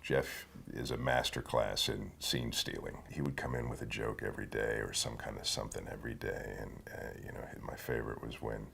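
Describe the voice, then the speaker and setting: Man with a very deep, gravelly voice. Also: background noise. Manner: halting, restarts phrases. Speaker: film collaborator interviewed. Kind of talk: reflective interview.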